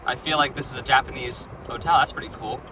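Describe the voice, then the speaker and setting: A man's voice: mid-range voice, steady tone, fast talker, noisy background. A young man casually recounting a strange dream, rambling with stumbling restarts and lots of "right?" and "like". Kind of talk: casual storytelling.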